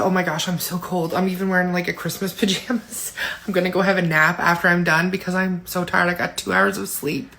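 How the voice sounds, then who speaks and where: A woman's voice: fairly low pitch, a bit bright. A woman in her forties, tired, telling a rambling, candid story in a casual personal vlog from home, full of fillers. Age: 40s. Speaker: vlogger.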